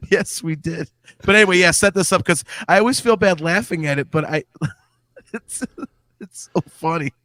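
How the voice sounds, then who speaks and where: A man's voice: high voice, a little slow, long pauses, a bit bright, no room sound. A man hosting a casual chat show, telling stories in a loose, profane, self-deprecating way. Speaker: host.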